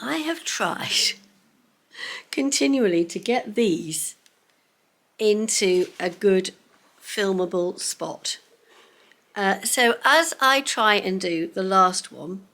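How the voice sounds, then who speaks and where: A middle-aged woman chats to camera at home in a casual vlog. She is friendly and excitable, and she often drops into a breathy whisper mid-thought. Her voice sits at an ordinary middle pitch. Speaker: vlogger. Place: home, indoors.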